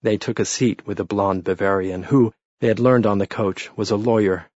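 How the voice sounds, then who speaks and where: Brief: steady male storyteller, dry close recording, low voice. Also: moderate pace, dry recording, lo-fi sound. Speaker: audiobook narrator. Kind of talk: scripted narration.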